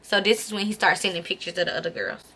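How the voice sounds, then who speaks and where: A young woman vlogger telling a storytime tale in a lively, profane way, acting out the dialogue. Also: medium pitch, quick pace, breathy edge. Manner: animated, profane, acts out dialogue. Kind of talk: storytime vlog.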